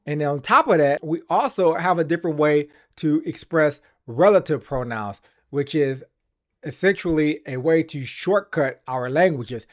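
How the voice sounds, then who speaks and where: A man's voice: on the high side, expressive, a little slow. A man hosting a language-learning channel, speaking earnestly and enthusiastically in a casual explanatory vlog.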